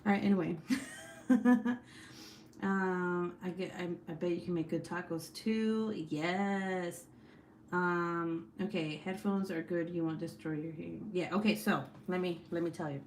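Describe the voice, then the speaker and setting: A woman's voice: lowish voice, a little slow, a little mellow, slight background noise. A woman hosts her livestream in a loose, chatty way. She swears freely and breaks into laughter as she tells her stories. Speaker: livestream host. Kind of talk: casual chat and storytelling.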